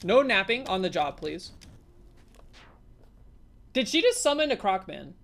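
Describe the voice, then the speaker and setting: A woman's voice: medium pitch, big pitch swings, unhurried, a bit bright, slight background noise. A woman streamer giving casual live commentary on a game, chatty and talking to her viewers, with sudden startled exclamations. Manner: chatty, talks to chat, jumpy exclamations.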